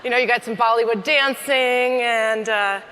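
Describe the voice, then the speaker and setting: A woman comedian and coach giving a lively, joking keynote talk to a conference audience. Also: on the high side, moderate pace, slight background noise. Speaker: keynote speaker. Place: large conference hall. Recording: long hall reverb.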